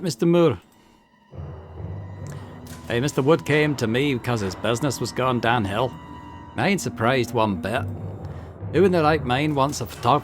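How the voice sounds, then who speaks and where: A man's voice: mid-range voice, close to an everyday voice. A man putting on a sly Irish gang boss. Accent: put-on Irish. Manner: drawling, teasing, threatening. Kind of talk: video game voice reading.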